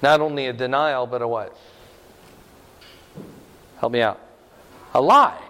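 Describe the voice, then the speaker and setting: A man's voice: mid-range voice, a little slow, sharp tone. An older man preaching a sermon in a folksy, conversational way, telling stories and asking his congregation questions. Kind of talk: sermon with storytelling. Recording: long hall reverb.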